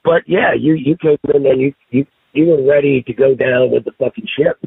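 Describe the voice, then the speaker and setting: A man on a podcast telling stories in a casual, profane, animated way. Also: medium pitch, a little fast, gravelly, husky, no room sound. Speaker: podcast guest. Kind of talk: casual storytelling chat. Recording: tinny phone-line sound.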